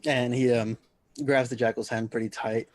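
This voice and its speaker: A man's voice: medium pitch, little pitch movement, normal speed, no echo. A man playing a tabletop game, casually describing his character's actions and laughing often. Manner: giggly, casual. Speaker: player.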